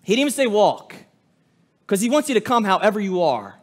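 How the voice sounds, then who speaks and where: A pastor preaching a sermon with passion, rising loud on appeals and dropping low and quiet on solemn lines. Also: male voice, very animated, brisk. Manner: impassioned preaching with sudden drops to a hush.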